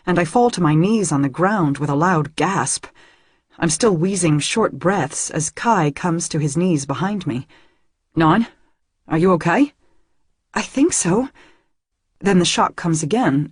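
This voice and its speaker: A woman reading a novel aloud in the first person, with soft, intimate and hushed narration. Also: deep voice, husky, dry recording, studio quality. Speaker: audiobook narrator.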